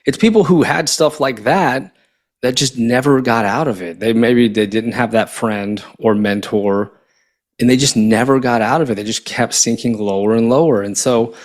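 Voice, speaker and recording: A man's voice: mid-range voice, normal speed. A man hosting a podcast, responding to his guest in an encouraging, conversational way. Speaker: podcast host. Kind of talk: supportive interview talk.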